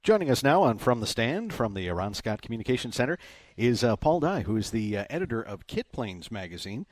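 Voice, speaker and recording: Lively male radio announcer. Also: medium pitch, fairly quick. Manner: upbeat announcer introducing guests. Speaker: radio host. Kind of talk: broadcast interview. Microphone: studio broadcast mic.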